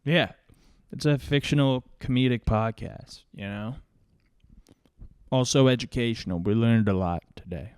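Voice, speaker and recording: A man's voice: mid-range voice, unhurried, a little mellow, clear, resonant tone, dry recording. A man co-hosting a casual comedy podcast, easygoing and joking wryly. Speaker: podcast co-host. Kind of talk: casual chat.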